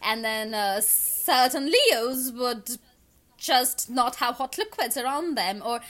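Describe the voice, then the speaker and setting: A woman with a high, bright voice makes sassy, joking remarks as she co-hosts a casual news chat. Her pitch is lively and sweeps around a lot. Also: slow pace. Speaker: co-host.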